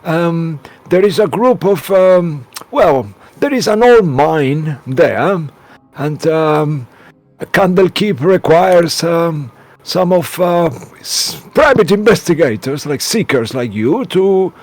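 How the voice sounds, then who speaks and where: A man improvising tabletop narration, groping for words with many ums and restarts. His voice is a bit high and wanders lively up and down, close and dry on the mic. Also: slow, no echo. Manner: hesitant, many fillers and restarts.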